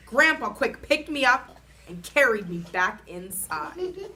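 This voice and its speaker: A woman reading a children's chapter book aloud in an expressive, animated storytelling manner. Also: fairly high pitch, moderate pace.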